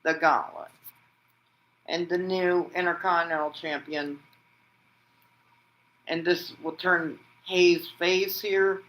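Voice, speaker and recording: A man hosting a wrestling vlog, narrating an imagined match like play-by-play and shouting out the pin counts. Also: a little high, fairly even intonation, slow pace, long pauses, lo-fi sound. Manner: breaks into loud shouted pin counts and move calls; rambling, restarts sentences with "and then". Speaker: wrestling vlogger host. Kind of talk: excited fantasy-booking play-by-play.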